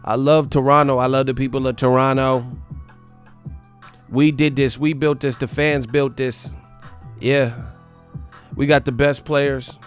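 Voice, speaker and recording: A man's voice: medium pitch, level tone, slow pace, few pauses, smooth, soft background music, voice pushed up, lightly acted. A man doing an exaggerated impression of a boastful rapper giving a hype speech, with shifting mock accents.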